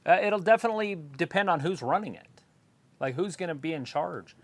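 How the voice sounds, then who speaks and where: A woman's voice: on the low side, lively intonation, fairly quick. A woman co-hosting a live stream, blurting out casual play-by-play remarks on the action. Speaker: stream co-host commenting on wrestling.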